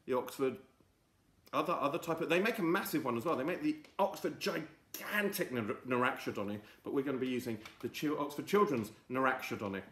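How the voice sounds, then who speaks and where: A man hosting a silly lesson for children with a mock-grand, drawn-out delivery. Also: medium pitch, expressive, fairly bright tone, echoey room. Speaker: children's show host. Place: home.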